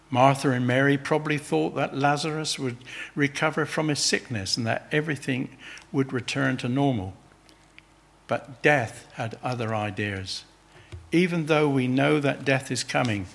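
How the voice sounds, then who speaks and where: A man's voice: mid-range voice, unhurried, gravelly, a bit bright. A man preaching a sermon, earnestly pressing his listeners with urgent questions.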